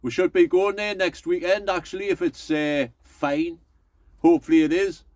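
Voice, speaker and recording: A man's voice: high-pitched, fairly even intonation, normal speed, a little mellow, no echo. Chatty middle-aged man. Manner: rambling, folksy, addresses viewers as folks. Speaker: allotment vlogger. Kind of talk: casual chatty vlog.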